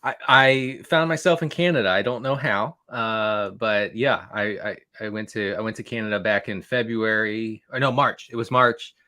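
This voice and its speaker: A man's voice: on the low side, steady tone, moderate pace, few pauses, pushed and bright. A man guesting on a fantasy football podcast, rambling and repeating words as he talks. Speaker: guest analyst.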